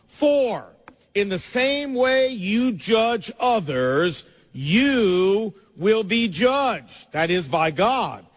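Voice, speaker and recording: A middle-aged man, a pastor, preaching a sermon emphatically, his pace speeding up and slowing down. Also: high-pitched, expressive. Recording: long reverb of a large hall.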